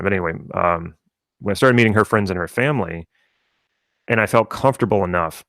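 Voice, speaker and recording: This live-stream coaching chat comes from an NLP coach raised in rural South Louisiana whose accent is largely General American. His voice is fairly low, gravelly and fairly bright as he rambles and restarts many times, recorded dry at studio quality.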